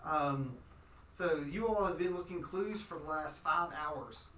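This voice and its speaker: A man's voice: fairly high pitch, measured pace, a bit bright, a little hiss or hum. A man narrating a tabletop game as game master, in a rambling way full of restarts. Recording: roomy, from far off. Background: music.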